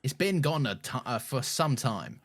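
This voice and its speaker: A man's voice: mid-range voice, expressive, moderate pace. A man co-hosting a podcast, chatting casually in a playful, teasing way and laughing often. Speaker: podcast co-host. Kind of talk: casual chat.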